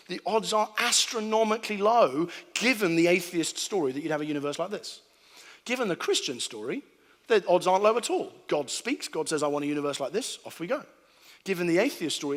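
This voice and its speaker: A lively man preaching to a crowd in a large hall, his fairly high voice trailing off into long reverb. He tells his points as stories, acting out sounds and little voices with comic timing. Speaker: preacher giving a talk. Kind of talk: humorous sermon to a live audience. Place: large hall before an audience.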